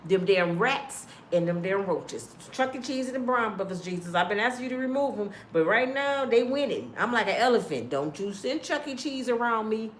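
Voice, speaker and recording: A woman in her fifties ranting casually to her viewers, blunt and profane, telling animated stories, recorded in an echoey room. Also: a little high, normal speed, hardly any pauses, a little hiss or hum. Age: 50s. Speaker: online commentator.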